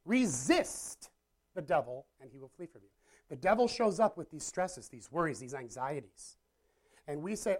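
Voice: medium pitch, sing-song, moderate pace. A pastor giving a casual, conversational sermon to a live audience, often checking in with listeners and joking at their own expense. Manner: chatty, self-deprecating, asks the audience questions. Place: church or meeting room with a live audience.

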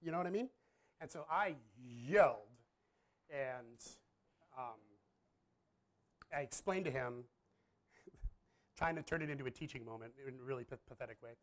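A man's voice: medium pitch, moderate pace, pauses often. A man in his thirties, a pastor, telling a personal story in a candid, self-deprecating, rambling way with frequent laughs. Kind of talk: casual storytelling.

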